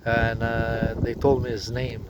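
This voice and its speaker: A man rambling in halting, full of fillers and restarts, recorded outdoors near his tent. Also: medium pitch, little pitch movement. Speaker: vlogger. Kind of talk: rambling spoken monologue. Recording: noisy outdoor recording with passing traffic. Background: outdoor ambience and vehicles.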